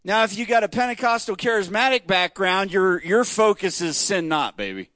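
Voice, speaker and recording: A man's voice: high-pitched, steady tone, brisk, fairly bright tone, dry recording. A man teaching an interactive church Bible study, asking the group questions in a conversational, emphatic way.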